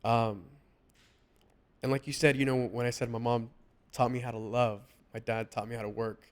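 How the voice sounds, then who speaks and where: A man hosting a casual podcast chat, talking earnestly and haltingly with many restarts. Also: medium pitch, level tone. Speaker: podcast host.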